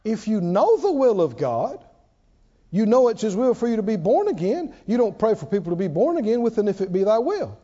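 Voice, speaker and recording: Preaching to a congregation in a high, mellow voice, a man speaks fairly quickly and very animatedly, getting them to respond and echo his lines. The recording, made in a church hall, is dull with long reverb.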